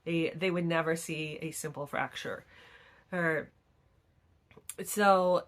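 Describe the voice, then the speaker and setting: A woman's voice: lowish voice, moderate pace, pauses often. A middle-aged woman vlogger telling stories in casual chat, acting out the people she quotes. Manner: chatty storytelling, acts out quoted people.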